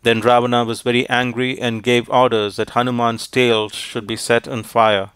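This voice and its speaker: A man reads an epic tale aloud in measured, formal narration. His voice is smooth and clean, with little rise and fall. The recording is dry and close. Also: medium pitch, flat delivery, a bit bright, no room sound. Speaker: audiobook narrator. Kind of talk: scripted audiobook narration.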